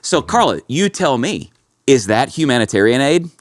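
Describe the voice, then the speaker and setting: A man's voice: mid-range voice, sing-song, moderate pace, no room sound, clean studio sound. A man hosting a casual podcast, telling stories with lots of energy and calling his co-host bro and dude. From Kentucky.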